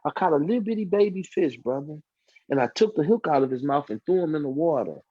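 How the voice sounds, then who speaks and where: In a dull, lo-fi, dry recording with no room sound, a podcast guest relates his life story casually, acting out other people's voices. His voice is a little high and mellow with a breathy edge, lively intonation, and a quick pace.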